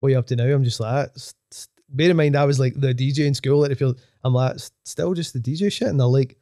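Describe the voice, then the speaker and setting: Male DJ guest, young, mellow, dry close sound, rambles fast and swears freely. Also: medium pitch, little pitch movement, no room sound. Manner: fast rambling talk, swearing, full of fillers. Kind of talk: casual chat.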